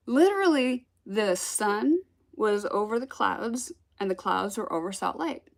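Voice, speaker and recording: A woman telling a personal spiritual story in a casual, animated way, acting out the voices she quotes and laughing often. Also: fairly high pitch, slow pace, vocal fry.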